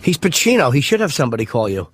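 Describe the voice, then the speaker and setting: A man's voice: medium pitch, big pitch swings, racing, husky. A male radio co-host in casual talk, blunt and argumentative. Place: radio studio. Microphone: studio microphone.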